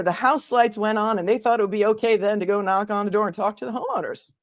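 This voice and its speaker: A woman's voice: medium pitch, fast talker, no echo, studio quality. A woman hosting a live stream, chatting casually and reading out viewer comments in a conversational way. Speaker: host of a live-stream channel reading super chats. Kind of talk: casual chat.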